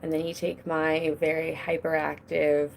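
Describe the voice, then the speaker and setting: A woman's voice: low-pitched, little pitch movement, moderate pace, creaky, a little hiss or hum. A young woman hosting a casual solo podcast from home, rambling and restless, often breaking off mid-sentence. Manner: rambling, restless, self-interrupting. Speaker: podcast host. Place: home with children nearby.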